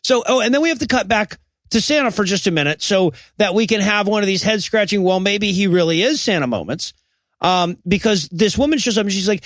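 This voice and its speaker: Man, podcast co-host, scene-by-scene recap with mock quotes, animated high voice, dry sound. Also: fairly quick, no room sound. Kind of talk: comedic movie recap. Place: podcast recording.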